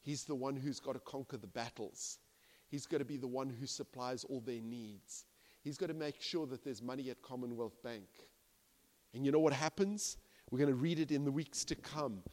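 A man preaching a sermon as pastor, swinging from hushed to loud and acting out the people in his stories. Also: mid-range voice, normal speed. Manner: animated, swings from hushed to loud, acts out quoted characters. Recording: long reverb of a large hall.

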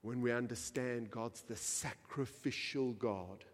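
A pastor with a fairly low voice preaches a sermon in a large hall, reading scripture aloud. He swings between quiet, measured reading and loud, impassioned preaching.

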